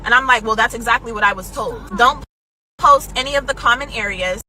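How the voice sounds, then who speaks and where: A woman's voice: fairly high pitch, a little fast, bright, forceful tone, faint music behind, rough recording. A woman venting to camera in an exasperated, explaining tone. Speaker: content creator in a clip.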